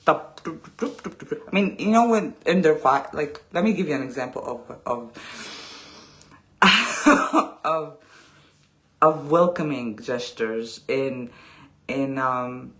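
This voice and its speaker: A woman in her late thirties, from Texas, talking in a loose, rambling vlog rant. Her pitch swings widely from line to line, and she mixes in sarcasm, frequent laughter and sudden hushed asides. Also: expressive, slow pace, pauses often. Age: 30s. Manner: sarcastic, rambling, laughs often, drops to whispers. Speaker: vlogger. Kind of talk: casual storytime rant.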